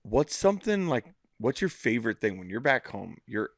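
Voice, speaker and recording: A man co-hosting a podcast in casual chat, animated, swearing freely and acting out his own thoughts. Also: medium pitch, normal speed, no room sound, studio quality. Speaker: podcast co-host.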